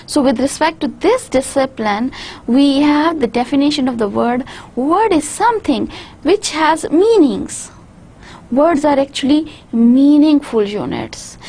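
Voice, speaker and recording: A woman's voice: sits high, darkish tone. A woman with a South Asian English accent giving a university lecture, explaining step by step and often repeating or restarting words as she reasons aloud. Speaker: linguistics lecturer.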